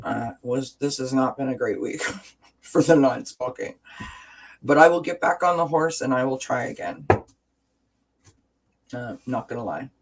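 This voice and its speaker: This wellness channel host chats casually on a livestream to his webcam, sincere and encouraging, wandering off and starting over. His mid-range voice is expressive, his pace measured with frequent pauses. It's a low-quality recording with a bit of hiss or hum.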